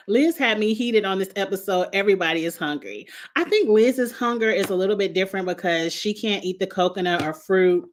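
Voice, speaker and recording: Brisk and animated, this woman's mid-range voice carries her casual reality TV review show. She reads viewer comments aloud with a blunt, sassy attitude, laughing and swearing frequently.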